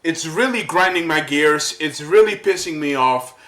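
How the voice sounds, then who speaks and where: A man ranting to camera as a vlogger, worked up and halting, repeating his words as he goes. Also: a little high, lively intonation, a bit bright, echoey room, low-quality recording. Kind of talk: angry rant to camera.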